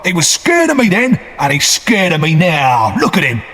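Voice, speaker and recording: A rough, defiant escaped convict, put on by a man reading a storybook aloud, bitter and scornful. His pitch swings widely between high cries and low growls. The voice rings in a long hall reverb. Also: wildly swooping pitch, moderate pace, fairly bright tone. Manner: fierce, scornful.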